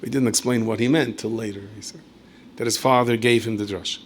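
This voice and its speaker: A man, a rabbi, giving a storytelling Torah lecture in a conversational way with asides and self-corrections, and he jumps up in pitch and volume when acting out quotes. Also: fairly quick, a little hiss or hum. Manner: animated storyteller who leaps high and loud when acting out quoted speech.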